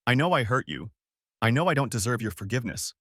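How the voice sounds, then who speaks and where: A man's voice: medium pitch, expressive, fast, fairly bright tone, dry recording, clean studio sound. A man voicing a wounded, tearful wife caught in an affair, pleading with a breaking voice.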